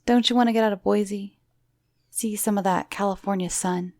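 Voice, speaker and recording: A woman doing a smooth-talking creepy photographer. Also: fairly even intonation, moderate pace, a little mellow, no room sound, studio quality. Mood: coaxing. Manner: wheedling, pushy sales pitch.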